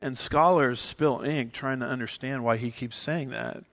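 A man's voice: mid-range voice, normal speed, a bit bright, highs cut off. A man preaching a sermon, teaching with emphasis and citing scripture verses as he explains. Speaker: pastor.

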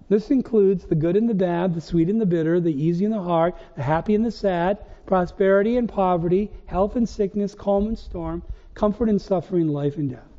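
A man preaching a sermon as pastor, firing rhetorical questions with emphatic rises. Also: high voice. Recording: dull, lo-fi recording in a reverberant church hall.

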